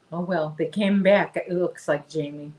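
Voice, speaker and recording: Woman, crochet stream host, low-pitched, unhurried and chatty. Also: a little mellow, rough recording. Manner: chatty and rambling, talks to viewers and her dog. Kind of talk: casual livestream chat.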